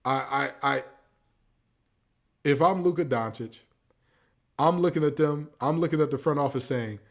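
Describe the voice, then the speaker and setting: A sports podcast host with a slightly high voice talks at a normal speed but leaves long pauses. His casual show features animated, preachy rants with mock quotes.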